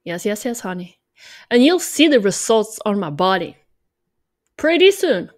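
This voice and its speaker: A woman's voice: mid-range voice, lively intonation, normal speed. A woman from Norway chatting in a vlog, a little tired, joking and self-mocking in a drawling voice. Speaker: vlogger. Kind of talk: rambling ironic vlog chat.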